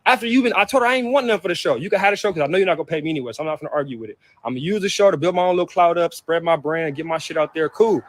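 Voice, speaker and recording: A man's voice: on the high side, rapid-fire, hardly any pauses, no room sound. A man vlogging, hurt and upset, venting about family in heated, profane outbursts that keep circling back. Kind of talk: emotional personal venting to camera.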